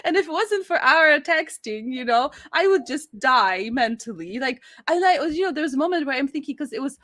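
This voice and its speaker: Lively high-voiced woman, laughing storyteller. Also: normal speed, no room sound, clean studio sound. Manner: animated, laughs often, rising to high squeals. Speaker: guest. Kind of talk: casual storytelling.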